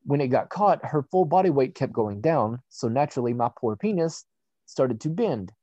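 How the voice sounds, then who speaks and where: A young man tells a personal story in a loose, conversational way, full of fillers and blunt swearing. His voice sits in a middle pitch and sounds dry and close, with no room around it. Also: animated, moderate pace, mellow, dry recording, lo-fi sound. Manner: candid and profane, with frequent fillers. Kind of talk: casual personal anecdote.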